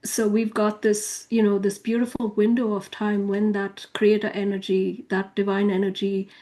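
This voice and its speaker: A woman and author sharing spiritual views in casual talk, soft-spoken with hesitant fillers. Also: mid-range voice, level tone, normal speed. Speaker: author and co-host.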